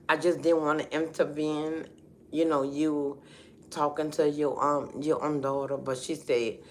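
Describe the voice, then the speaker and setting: A woman's voice: low-pitched, pushed and bright, slight background noise. A middle-aged woman telling a story on a casual livestream, emphatic and heated, often saying "you know". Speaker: livestream host.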